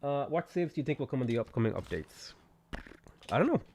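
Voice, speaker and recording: A man's voice: medium pitch, sing-song, quick pace, vocal fry, warm tone, a little hiss or hum. A man with an Irish accent chatting casually on a game stream, reading viewer messages aloud and answering them as he plays. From Ireland. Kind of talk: casual gaming stream chat.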